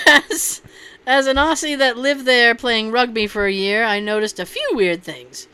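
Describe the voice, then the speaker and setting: A woman's voice: fairly high pitch, takes it slowly, long pauses, pushed and bright, clear, resonant tone. A woman hosting a casual chat, reading posts aloud and reacting with loose, profane jokes. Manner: profane, laughing, loose and joking.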